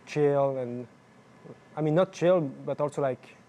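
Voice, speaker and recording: A young man talks through his games in a relaxed post-match interview. He stops and restarts often, packing his sentences with fillers and loose phrasing. His voice sits a bit high but sounds mellow and soft. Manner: halting, filler-heavy, non-native phrasing. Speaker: pro jungler interviewed after a match.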